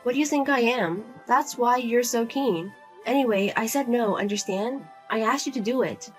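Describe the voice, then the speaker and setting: A woman playing a fed-up grown daughter who speaks flatly and firmly to her pushy mother in a narrated drama. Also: fairly high pitch, normal speed, faint music behind, natural voice. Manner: flat, firm, cold and blunt. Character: Lizzie, grown daughter, cool, blunt, fed up.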